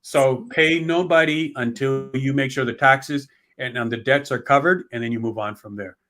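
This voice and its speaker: Here an estate-planning author, guesting in a conversational interview, talks at a moderate pace in a mid-range voice with a sharp tone. He wanders from point to point, restarts frequently, and plays the part of grumbling heirs.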